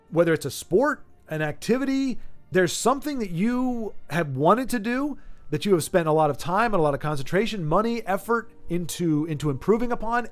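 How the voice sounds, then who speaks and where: A middle-aged man chatting casually with viewers as a gaming streamer, telling a story in an exasperated way with many restarts and repeated words. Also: high-pitched. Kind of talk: casual rambling chat with viewers.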